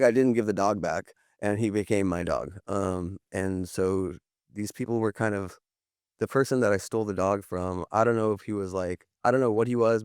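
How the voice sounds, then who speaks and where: Guy in his 30s, deep smooth voice, dry close sound, lots of um and like. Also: darkish tone, no echo. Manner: rambling, lots of fillers and restarts. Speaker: podcast guest in recovery. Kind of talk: candid interview talk.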